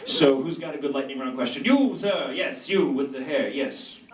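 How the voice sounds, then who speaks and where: A man speaking at a convention Q&A panel, telling stories in an animated, self-mocking way and acting out quotes. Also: mid-range voice, normal speed. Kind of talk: storytelling Q&A panel. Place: large convention hall. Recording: echoey convention hall from far off.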